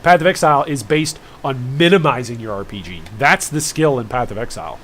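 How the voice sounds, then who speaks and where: A man's voice: mid-range voice, expressive, brisk, fairly bright tone, slight background noise. Chatty male game streamer. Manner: chatty, rambling, jokey asides to chat. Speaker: gaming streamer. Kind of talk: casual live-stream commentary.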